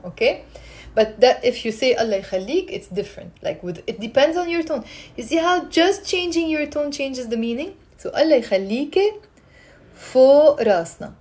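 A woman's voice: a little high, darkish tone. A woman teaching a live-streamed language lesson, chatting with viewers and drilling pronunciation. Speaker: Arabic teacher.

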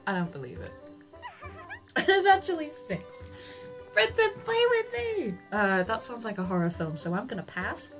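A woman streaming a video game live, reacting in an excitable, giggly way and cheering the character on. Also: medium pitch, moderate pace, soft background music. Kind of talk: live gameplay commentary.

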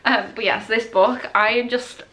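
A young woman casually vlogging a book unboxing, excitable and gushing, emotional and close to tears. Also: on the high side, moderate pace.

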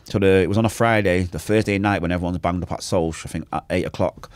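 Fast-talking deep-voiced man. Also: fairly even intonation, no room sound. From Manchester, England. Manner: intense, emotional, acts out quoted voices. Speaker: podcast guest. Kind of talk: personal storytelling in an interview.

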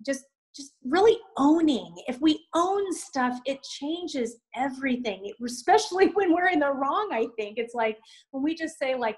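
Earnest middle-aged woman, slightly high voice. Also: animated, darkish tone, low-quality recording. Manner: earnest, encouraging, quick with asides. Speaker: youth ministry guest mom. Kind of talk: faith-based panel talk.

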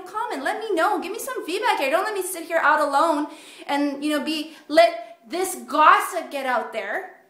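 A woman with a high voice vlogs straight to her viewers, animated and indignant, stumbling through fillers and restarts. Her voice bounces around an echoey room. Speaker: vlogger. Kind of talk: casual direct-to-camera vlog.

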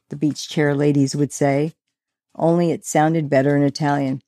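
A woman's voice: sits low, fairly even intonation, moderate pace, vocal fry, dark tone, dry recording. Woman author reading her novel aloud.

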